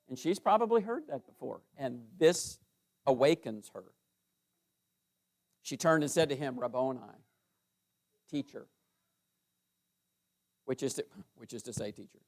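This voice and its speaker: Bible teacher, a man with a higher voice. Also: normal speed, pauses often. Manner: reads scripture aloud with rising emphasis.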